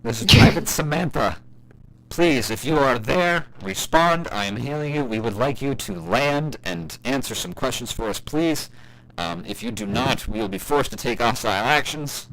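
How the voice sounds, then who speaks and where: A man's voice: medium pitch, lively intonation, normal speed, a bit bright, rough recording. A man voicing a formal, overly courteous young female soldier who hails a ship and halts between phrases. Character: stiff, polite young female soldier pilot.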